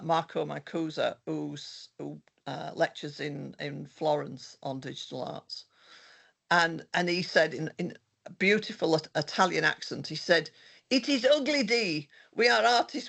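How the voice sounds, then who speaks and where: A man's voice: a little high, vocal fry, a bit bright. An older man giving a conversational presentation of his research, rambling with frequent restarts. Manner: meandering, many restarts. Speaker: researcher presenting their work.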